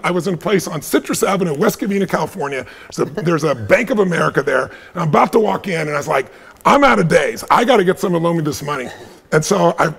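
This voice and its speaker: A man in his fifties telling an animated personal story at a live training, intense and hyped, laughing as he goes. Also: sits high, gravelly, breathy edge. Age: 50s. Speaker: guest speaker at a live online training.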